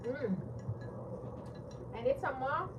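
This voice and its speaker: High-voiced woman chatting slowly on a livestream. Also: lively intonation, muffled recording, heavy background noise. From Caribbean. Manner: giggly and apologetic, thanking viewers over and over. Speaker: livestream host. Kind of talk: casual livestream chat. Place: home living room.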